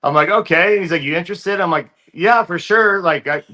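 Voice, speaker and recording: A man guest in an interview, telling a story in a relaxed, casual way with lots of fillers. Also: sits high, fairly quick. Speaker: interview guest, fighter turned actor.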